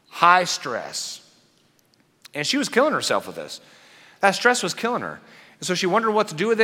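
A pastor preaching a sermon in an animated, conversational way with playful asides. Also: male voice, fairly high pitch, in a large hall.

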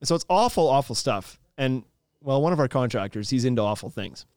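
A man co-hosting a podcast, chatting casually with an animated, rambling manner and frequent laughter. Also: mid-range voice, fairly quick, smooth, no room sound. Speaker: podcast co-host. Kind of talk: casual chat.

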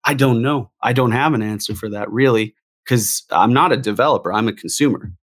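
A man speaking as a longtime gamer in a casual discussion, talking in an animated, emphatic way and repeating phrases for emphasis. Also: medium pitch, a little fast, slightly rough. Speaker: guest gamer.

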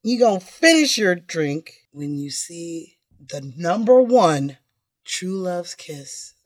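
A woman's voice: lowish voice, big pitch swings, slow pace. A woman in casual chat, playful and swearing casually while talking.

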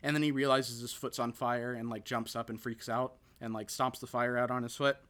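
A man's voice: mid-range voice, level tone, brisk, a bit bright. A man hosting a casual podcast chat, recapping a film in a rambling way with lots of fillers and restarts. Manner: rambling, full of fillers and restarts, quotes characters. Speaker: podcast host.

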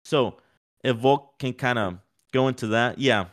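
A man co-hosting a podcast, talking in a rambling, animated, casual way with many fillers. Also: mid-range voice, unhurried. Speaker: podcast co-host. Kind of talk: casual sports chat.

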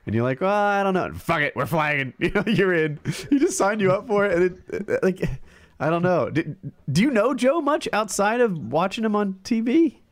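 A man's voice: high-pitched, big pitch swings, moderate pace, no echo. A man hosting a casual podcast chat, rambling with frequent restarts. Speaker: podcast host.

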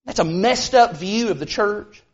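A man preaching a sermon in an earnest, emphatic way, rushing some phrases and slowing hard on others. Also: sits high, animated, muffled recording. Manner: earnest, emphatic, with sudden bursts of speed and slow stressed phrases.

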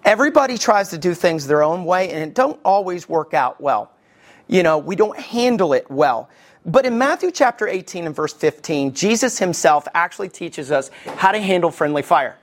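A middle-aged man preaching a sermon as a pastor, folksy, with asides and jokes, swinging his pitch for emphasis. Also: animated, moderate pace.

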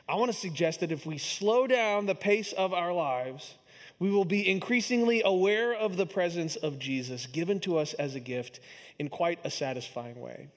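A man's voice: sits high, normal speed, long reverb tail. A man in his thirties, a pastor preaching a sermon with humorous storytelling about his young son. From Kansas City area, US. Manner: storytelling, self-deprecating humor.

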